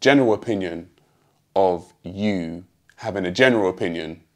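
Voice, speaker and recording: A British man hosting a response video, speaking in a measured, calmly pointed way straight to his critic. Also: deep voice. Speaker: host answering a critic. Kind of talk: direct-address response video.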